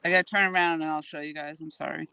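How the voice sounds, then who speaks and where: Out on a lake in a kayak, a woman vlogger talks to her live-stream viewers on a handheld phone. Her low voice is steady, quick, creaky, bright, and forceful with a clean tone, and she's chatty, addressing viewers directly.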